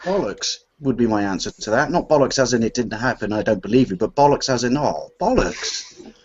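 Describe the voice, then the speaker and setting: Man joking through muffled lo-fi audio. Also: mid-range voice. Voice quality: jokey, animated storyteller doing quick voices. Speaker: podcast co-host. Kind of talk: casual chat. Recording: muffled lo-fi live stream audio.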